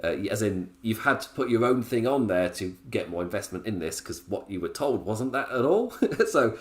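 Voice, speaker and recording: Male podcast host, casual and rambling, laughs often, very animated delivery. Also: fairly low pitch, normal speed. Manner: rambling, laughs often between points, goes off on tangents. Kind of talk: casual solo review podcast.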